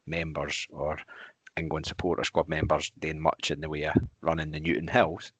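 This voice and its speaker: A man's voice: a bass voice, monotone, moderate pace, fairly bright tone, husky, no echo. A man with a Scottish accent co-hosting a podcast, chatty and teasing in casual talk. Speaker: podcast co-host.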